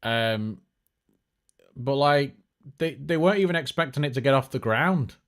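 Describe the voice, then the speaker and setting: A man's voice: mid-range voice, lively intonation, moderate pace, fairly bright tone. Male tech streamer, chatty and jokey, mid-range voice, loose unscripted delivery. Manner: chatty, joking, lots of fillers and restarts. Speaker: tech show host. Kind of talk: casual live-stream chat.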